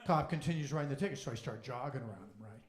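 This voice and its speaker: A man performing a stand-up comedy set on a club stage, delivering rapid jokes and long deadpan lists. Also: medium pitch, roomy sound.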